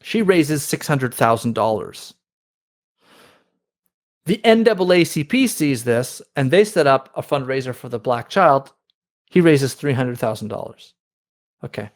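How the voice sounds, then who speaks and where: A man's voice: medium pitch, animated, a little slow, long pauses. A man talking as a podcast guest, explaining at length in conversational tones and retelling what others said. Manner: explanatory, with many restarts and quoted retellings. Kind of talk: conversational interview.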